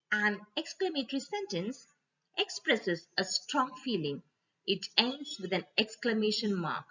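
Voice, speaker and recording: A woman teacher giving a slide-based grammar lesson, speaking to children and repeating each rule slowly. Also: mid-range voice, bright, forceful tone, breathy edge. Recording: dull lo-fi voice recording.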